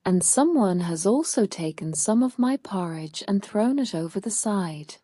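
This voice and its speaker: A woman voicing a calm mother bear in a storybook, speaking in an even, middle-toned way. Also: medium pitch, a little slow, dry recording, studio quality. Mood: fussed.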